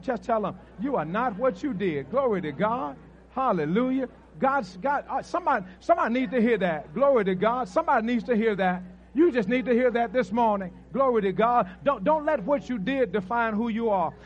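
A man preaching a sermon as pastor, telling a story with animated asides and repeated praise refrains. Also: high-pitched, lo-fi sound.

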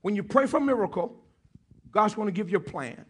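A man's voice: high-pitched, lively intonation, brisk, fairly bright tone, slightly rough. A man preaching a sermon as pastor, joking with his congregation, calling for responses and repeating key phrases for emphasis.

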